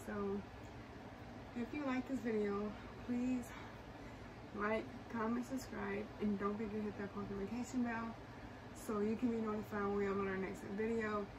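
A woman's voice: medium pitch, fairly even intonation, moderate pace, distant mic, background noise. A woman vlogger talking casually and emotionally to her viewers about her family. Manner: emotional, heartfelt, addresses viewers directly. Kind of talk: casual chat to camera.

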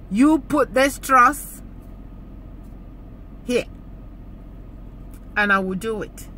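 Slow-spoken woman with a bright voice. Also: fairly high pitch, a little hiss or hum. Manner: emotional, earnest, repeats phrases for emphasis. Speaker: YouTube channel host. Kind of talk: heartfelt thank-you talk to viewers.

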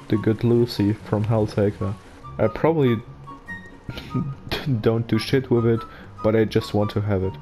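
A man with a German accent giving casual gaming commentary in a flat monotone, joking to himself over a basic microphone. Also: fairly low pitch, slow, soft background music. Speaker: gameplay commentator.

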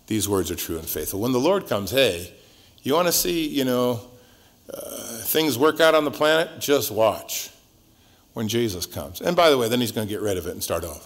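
A man's voice: lively intonation, normal speed. Male pastor teaching verse by verse, chatty and jokey, voice jumps up and down a lot. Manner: conversational and joking, with wide swings in pitch and loudness.

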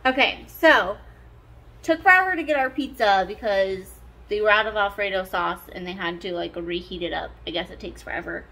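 A woman's voice: mid-range voice, normal speed, bright, forceful tone, faint music behind. A woman chatting casually to the camera in a hotel room, a rambling storyteller who fills her talk with "like". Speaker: family vlogger, mother of twins. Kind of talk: casual vlog chat.

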